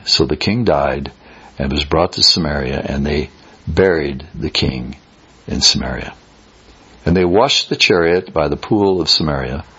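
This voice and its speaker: A man preaching an expository sermon, reading scripture aloud and commenting bluntly with animated delivery. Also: a bass voice, husky, lo-fi sound.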